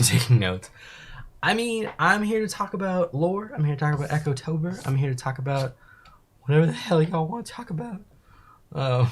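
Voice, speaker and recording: A young man with a medium-pitched, slightly rough voice hosts a casual livestream. He reads chat messages aloud and answers them in a rambling, laid-back way, laughing often.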